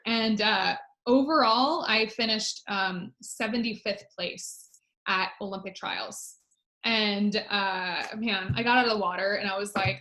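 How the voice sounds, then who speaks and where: A woman's voice: medium pitch, steady tone, moderate pace, bright, forceful tone, echoey room. A woman in her thirties, a former Olympic swimmer, telling a personal story on a webinar in a chatty way with many fillers. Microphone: video call.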